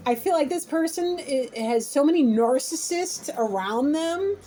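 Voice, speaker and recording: A woman's voice: high voice, expressive, normal speed, hardly any pauses, mellow, a little hiss or hum. A woman giving a spiritual reading to her viewers, blunt, emphatic and casually profane. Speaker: intuitive reader.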